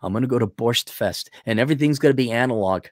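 A man's voice: mid-range voice, fast, dry recording, studio quality. A man hosting a casual livestream, reading viewer donations aloud and riffing on them with sarcasm. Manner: sarcastic, rambling. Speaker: stream host reading donations.

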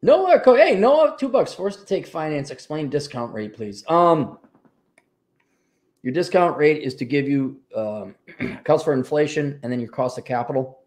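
A man's voice: a little high, moderate pace. A man from the United States hosting a livestream, reading out paid chat messages and answering them in an offhand, wry way. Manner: offhand, wry, lively commentary.

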